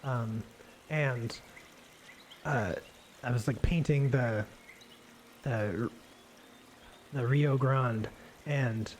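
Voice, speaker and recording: Guy rambling casually while he paints on a livestream, mid pitch, lots of ums and restarts, faint hiss behind. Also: extremely slow, pauses often. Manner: relaxed, rambling, many fillers and restarts. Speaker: art instructor painting live. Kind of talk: casual live painting demonstration. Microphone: desk microphone on a livestream.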